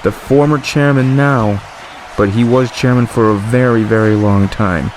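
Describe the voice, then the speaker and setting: A man giving excited play-by-play commentary over a wrestling video game, calling the action as it happens. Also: medium pitch, normal speed, faint music behind. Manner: excited, exclamatory ringside calling.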